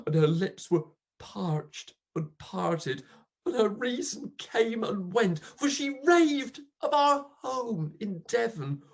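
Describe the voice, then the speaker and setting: A reader performing a dramatic poetry recitation as a grief-stricken old male pauper, bitter and accusing, swinging melodramatically from hushed to loud. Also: mid-range voice. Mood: grieving.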